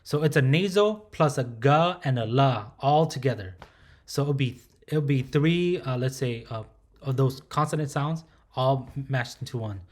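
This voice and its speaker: A man's voice: mid-range voice, expressive, moderate pace, a little mellow. A man teaching pronunciation patiently, repeating each sound and often checking in with the learner. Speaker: language teacher. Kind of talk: pronunciation lesson.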